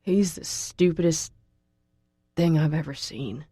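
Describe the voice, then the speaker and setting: A woman's voice: low voice, slow pace, dark tone, slightly rough, no echo, studio quality, full character voice. A woman voicing a large, protective young college man who teases bluntly and speaks matter-of-factly, in an audiobook. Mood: soothing. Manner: blunt, teasing, matter-of-fact. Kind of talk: audiobook character voice.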